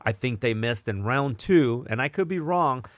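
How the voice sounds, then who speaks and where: A man hosting a boxing podcast in casual chat, animated and emphatic, going off on excited tangents. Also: mid-range voice, normal speed, dry recording.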